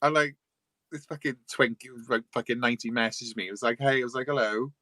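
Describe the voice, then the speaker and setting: Brief: man, 40s, chat guest, bright forceful tone, crude self-mocking humor laced with swearing. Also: mid-range voice, steady tone, fast, no echo. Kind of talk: casual chat.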